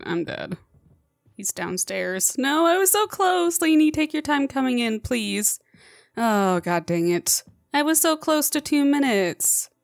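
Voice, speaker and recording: A woman's voice: fairly low pitch, no echo, clean studio sound. A woman hosting a let's play, chatting through her gameplay, often laughing and coaxing the game's monster as if it were a pet. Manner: frequent laughter. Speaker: gaming channel host.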